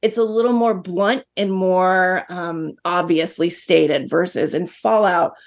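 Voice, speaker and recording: A woman's voice: fairly low pitch, takes it slowly, creaky. A woman on a film podcast panel, earnestly explaining her view in casual talk with fillers.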